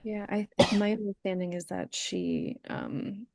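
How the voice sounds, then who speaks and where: A woman's voice: mid-range voice, wildly swooping pitch, a little slow, gravelly, darkish tone. A woman on a town committee explaining a point in a hesitant way, with many restarts. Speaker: committee member. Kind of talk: casual meeting talk.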